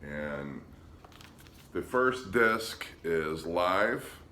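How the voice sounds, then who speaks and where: A man casually showing his record collection on a vlog, relaxed and hesitant, with frequent ums. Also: sits low, drawn-out words, slight background noise. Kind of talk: casual show-and-tell vlog.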